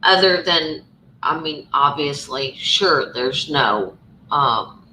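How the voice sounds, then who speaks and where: A woman with a Southern US accent hosts a casual live chat. She speaks very slowly and carefully, with a bright voice. The sound bounces around an echoey room. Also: low voice, expressive, a little hiss or hum. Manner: slow and careful, hesitant. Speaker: live stream host.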